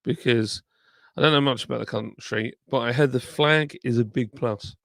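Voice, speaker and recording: A man's voice: mid-range voice, normal speed, vocal fry, fairly bright tone, no echo, studio quality. A tired man, streaming live and reading viewer comments aloud in a rambling, self-deprecating, chatty way.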